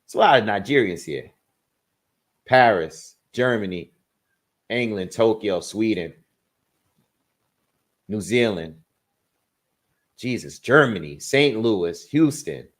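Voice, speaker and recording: A man with a low-set voice hosting a relaxed livestream from a home setup. He runs through viewer shout-outs in quick bursts and thinks aloud, with restarts, as he gives his own picks. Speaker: boxing livestream host. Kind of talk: casual livestream chat, reading viewer comments.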